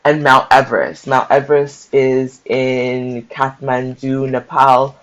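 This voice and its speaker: A book-share host, this man reads passages aloud and mixes in his own casual, emotional commentary in a conversational way. His mid-range voice is steady, slow and fairly bright, recorded with dull lo-fi sound.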